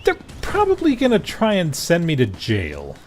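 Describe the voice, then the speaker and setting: A man's voice: a little high, wildly swooping pitch, normal speed, slight background noise. A man giving playful, sarcastic commentary while playing a video game, sometimes chanting silly phrases. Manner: silly, sarcastic, sings nonsense. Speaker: gameplay commentator. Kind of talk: playful let's-play commentary. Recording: voice with game music and sounds behind.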